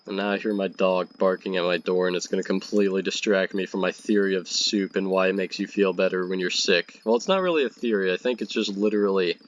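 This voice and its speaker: Sick young guy w a stuffy nose, kinda low voice, just rambling chatty while he plays. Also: quick pace, few pauses. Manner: rambling, chatty, self-mocking. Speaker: gaming video creator. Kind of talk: casual commentary while playing a game.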